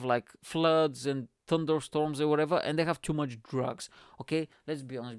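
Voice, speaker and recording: A young man hosting his own podcast, chatting in a rambling, profane, animated way. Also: on the high side, clean tone, no echo, studio quality. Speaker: podcast host. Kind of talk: casual solo podcast rant.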